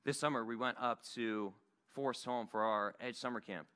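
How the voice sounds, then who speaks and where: A man delivers a sermon in an earnest, conversational way. His voice is bright and forward, at a middling pitch. He speaks in a church meeting room. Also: moderate pace, smooth. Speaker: Bible study teacher.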